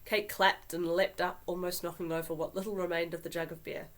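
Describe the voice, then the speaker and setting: Woman author narrating own book, measured storytelling, slightly low pitch. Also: flat delivery, fairly bright tone. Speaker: author reading her own novel. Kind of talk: audiobook narration.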